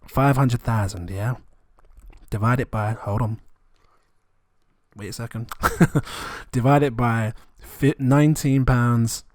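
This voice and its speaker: Excitable man vlogging. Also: medium pitch, no echo, clean studio sound. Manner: excitable, rambling, chuckles often. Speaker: crypto vlogger. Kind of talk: casual vlog commentary.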